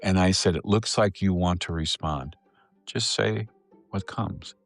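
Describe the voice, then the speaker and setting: A man's voice: sits low, measured pace, gravelly, soft background music. A middle-aged man, a psychotherapist, telling an earnest and emotional story in a podcast interview. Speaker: psychotherapist guest.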